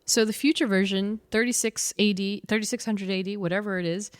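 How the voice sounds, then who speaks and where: Woman podcast co-host, casual and excitable, breaks into loud quoted bits; medium pitch. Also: fairly quick, no room sound, studio quality. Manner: animated, laughs often, acts out quotes with loud outbursts. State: short on sleep. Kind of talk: casual chat.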